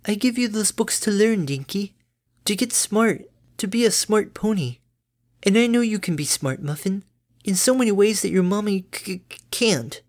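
A woman's voice: mid-range voice, animated, normal speed, darkish tone, voice pushed up, close to an everyday voice. A woman voicing a clumsy, doting mother pony who stammers over her words in a fan fiction reading. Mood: pleading. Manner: stammers on words, bubbly and tender.

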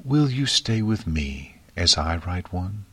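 A man voicing a regal, gentle, ancient female pony princess in a fiction reading, speaking softly and politely. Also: sits low, big pitch swings, takes it slowly, breathy edge, no room sound, full character voice. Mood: soothing. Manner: soft, polite and soothing.

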